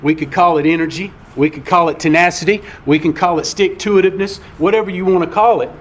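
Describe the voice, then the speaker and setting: A man's voice: sits high, fast talker. A man giving a personal share at a recovery meeting in a folksy, conversational storytelling way.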